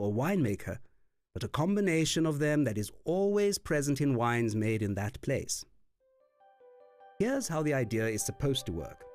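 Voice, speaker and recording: A man narrating a scripted wine lesson in an expressive, playful way. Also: medium pitch. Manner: lively, expressive delivery with playful put-on accents. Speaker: wine course instructor. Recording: dry voice-over with faint music.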